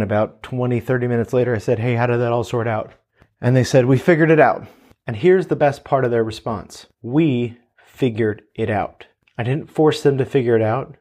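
Man, 30s, mid-pitched, earnest parent talking through advice, storytelling tone. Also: a little mellow. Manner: earnest, storytelling with quoted dialogue. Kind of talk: casual advice talk.

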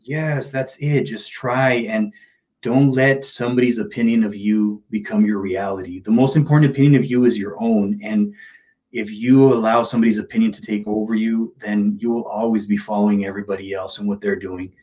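Animated man telling stories casually. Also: on the low side. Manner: animated, emphatic, slips into quick impressions. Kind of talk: casual storytelling.

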